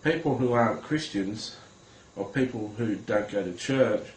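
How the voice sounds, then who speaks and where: Earnest low-voiced man giving testimony. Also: darkish tone, a little hiss or hum. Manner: earnest, halting, many hesitations, addresses viewers directly. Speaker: Christian recounting a vision. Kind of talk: personal testimony to camera. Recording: roomy with faint ambience.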